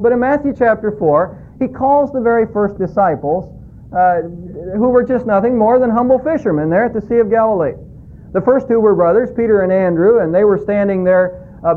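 A male pastor delivers a folksy sermon, pausing often with fillers between thoughts. His voice sits high for a man and comes through thin and phone-like, with a faint low rumble underneath. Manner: folksy, hesitant with frequent fillers.

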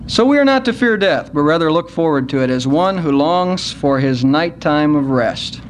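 A man preaching a sermon at a church service, earnest and unhurried, slowing down to stress key words. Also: fairly high pitch, expressive, a little hiss or hum. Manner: earnest, slows down to stress scripture.

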